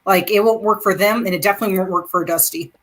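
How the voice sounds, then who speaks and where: A woman guest in a casual group chat, dismissive and quick to laugh. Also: mid-range voice, fairly even intonation.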